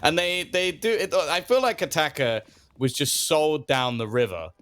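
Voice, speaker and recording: A man doing relaxed color commentary on an esports match, analytical and quick to laugh. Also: fairly high pitch. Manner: laid-back, analytical, laughs easily.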